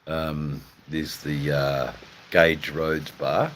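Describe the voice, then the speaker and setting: Laid-back deep-voiced Australian man. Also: little pitch movement, a bit bright, slight background noise. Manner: laid-back, rambling, drawn-out fillers, swears casually. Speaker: livestream host chatting with viewers. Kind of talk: casual live chat.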